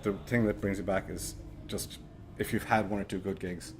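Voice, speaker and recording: A man with a Cork accent, answering interview questions hesitantly with many pauses. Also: deep voice, fairly even intonation, a crowd in the background. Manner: hesitant, lots of ums. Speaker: interviewee, comedian.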